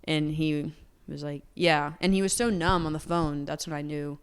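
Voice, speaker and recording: This young adult woman has a low, clean voice with fairly even intonation and a normal speaking speed. She's a singer-songwriter being interviewed, and she comes across as candid and earnest, sprinkling "like" heavily through her answers.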